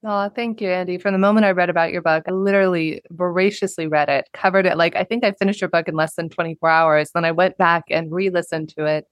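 A woman hosting a podcast interview, who speaks in a warm, encouraging and effusive way. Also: fairly low pitch, fairly even intonation, quick pace, few pauses, no room sound. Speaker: podcast host.

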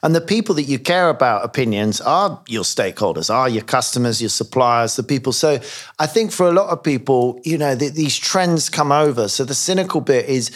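A man's voice: medium pitch, animated, brisk. A man hosting a casual chat. He swears freely and pushes back hard, asking pointed questions in a plain, everyday voice. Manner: blunt, sweary, challenging.

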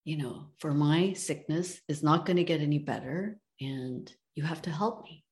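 A woman's voice: deep voice, normal speed, darkish tone. Woman voicing an old sick pleading husband. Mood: worried. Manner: pleading, worried, talks to his wives.

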